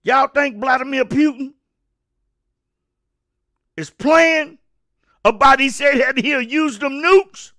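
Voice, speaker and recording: A man hosting his own show, delivering a fired-up political rant that repeats words and bursts into shouting. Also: very high-pitched, slow, long pauses. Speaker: show host.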